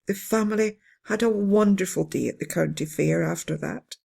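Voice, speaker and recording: A storyteller reading a children's bedtime story in a gentle, steady way. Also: mid-range voice, normal speed, creaky, slightly rough. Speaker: narrator.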